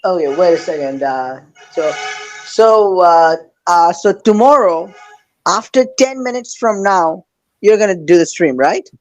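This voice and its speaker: Hesitant, eager man with a higher voice. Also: lively intonation, a little slow, low-quality recording. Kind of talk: casual chat.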